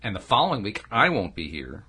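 A man's voice: lowish voice, wildly swooping pitch, a little fast, bright, forceful tone, slightly rough. A middle-aged man co-hosting a podcast, chatty and telling stories with frequent laughs. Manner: chatty, storytelling, laughs often. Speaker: podcast co-host. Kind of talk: casual podcast chat.

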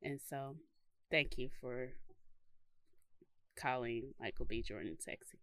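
A woman's voice: very deep voice, slow, a bit bright, no room sound, clean studio sound. A woman co-hosting a podcast in casual chat, talking loosely with lots of fillers and casual swearing. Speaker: podcast co-host.

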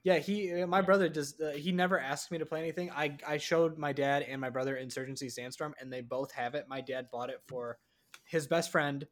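A man's voice: on the high side, steady tone, fairly quick. A young man, co-hosting a casual podcast chat and telling rambling family stories. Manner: rambling storyteller, mimics parents. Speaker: podcast co-host.

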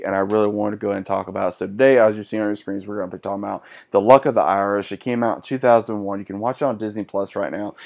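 A man's voice: fairly low pitch, a little mellow. A man in his thirties, chatty and enthusiastic, giving a casual movie review to his viewers.

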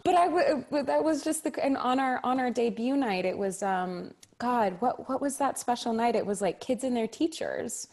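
A young adult woman, a stage actress guest in a casual interview chat, telling animated stories and acting out children's reactions. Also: on the high side, moderate pace, hardly any pauses. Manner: animated storyteller, acts out kids' reactions.

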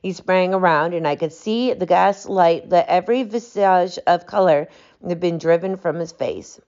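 A woman with a lowish voice reads a classic story aloud at a measured, even pace. The reading comes over a dull, lo-fi audiobook recording. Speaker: audiobook narrator. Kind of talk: storybook narration.

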